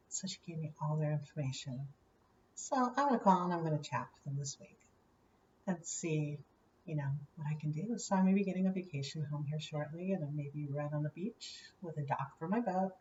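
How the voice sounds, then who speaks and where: A woman tells a personal story in a relaxed, chatty vlog, slipping in fillers and acting out what others said. She sits a little away from the mic, so her voice comes through roomy and slightly muffled, with a faint hum behind her. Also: lowish voice, moderate pace, recorded from a distance. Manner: chatty, many "you know" fillers, animated quoting. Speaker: vlogger. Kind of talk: casual storytelling to camera.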